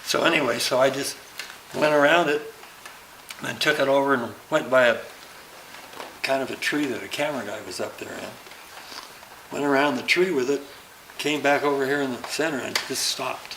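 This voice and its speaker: An older man spinning animated stories, slipping into the voices of the people he quotes as he goes. His pitch sits in an ordinary middle range. The room around him rings with a roomy echo and faint background noise. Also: normal speed, long pauses. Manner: lively storyteller who acts out quoted dialogue. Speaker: interview guest. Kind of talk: casual anecdote telling.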